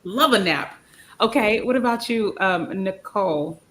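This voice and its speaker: A woman hosting a live stream with guests, bubbly and animated, sometimes tripping over her words. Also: mid-range voice, measured pace. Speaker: livestream host. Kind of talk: upbeat live stream chat.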